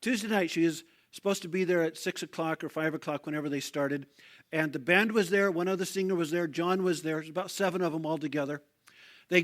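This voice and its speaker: High-voiced older male pastor telling a story. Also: a bit bright. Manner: conversational, vivid storytelling with frequent fillers and restarts. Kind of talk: storytelling sermon.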